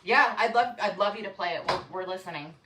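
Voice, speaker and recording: A woman with a northern US accent, speaking in a measured, pointed, firm way. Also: medium pitch, background noise. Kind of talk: recorded conversation. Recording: echoey and distant.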